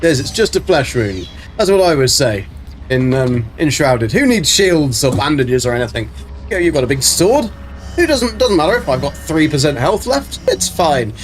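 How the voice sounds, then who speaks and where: A man's voice: a little high, sing-song, normal speed, slight background noise. A man chatting casually on a game live stream, rambling with many ums while reading chat aloud.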